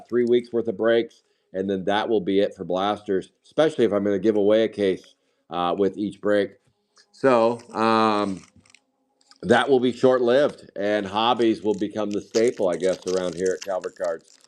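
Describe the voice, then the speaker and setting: Male card-break streamer, lowish voice, casual and rambling, easily sidetracked. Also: a little mellow. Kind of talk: casual live-stream chat.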